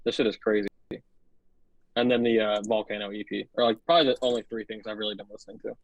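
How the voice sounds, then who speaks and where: A man's voice: fairly low pitch, fairly even intonation, fast talker, dry recording, muffled recording. Give me a laid-back man musician talking casually, dry and close. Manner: laid-back, easygoing, profane. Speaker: podcast guest, metal musician. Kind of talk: casual chat.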